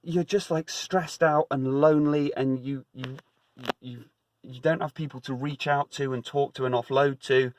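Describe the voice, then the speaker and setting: A man's voice: mid-range voice, steady tone, moderate pace, a little hiss or hum. A man giving a casual, emphatic spiritual talk, conversational with many repeats and fillers.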